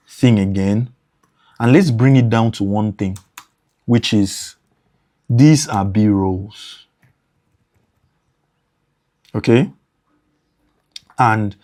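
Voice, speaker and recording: A man's voice: on the low side, warm tone. A man teaching motion design for editors in a screen-recorded tutorial, repeating points and thinking aloud as he works.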